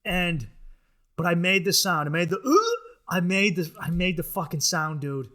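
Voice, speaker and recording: A man with a high, bright voice riffs through a crude comedy monologue. He rambles and swears freely, full of restarts and asides. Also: fairly even intonation, moderate pace. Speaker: podcast host.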